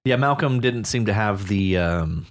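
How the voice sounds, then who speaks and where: Low-voiced man in casual story chat. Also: a little slow. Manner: relaxed, musing, with many fillers and restarts. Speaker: podcast co-host discussing a story. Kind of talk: casual book-club chat.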